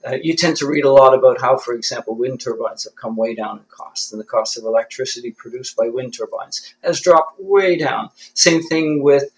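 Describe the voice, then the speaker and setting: A man's voice: medium pitch, normal speed, few pauses, rough recording. A man from Canada, a guest in an interview, talking in a thoughtful, self-deprecating way and often restarting his sentences. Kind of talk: conversational interview.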